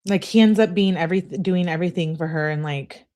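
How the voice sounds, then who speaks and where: A woman's voice: fairly low pitch, brisk, darkish tone. A woman hosting a true-crime channel, reading texts and adding candid asides with sighs and laughs for her viewers. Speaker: true-crime commentary host.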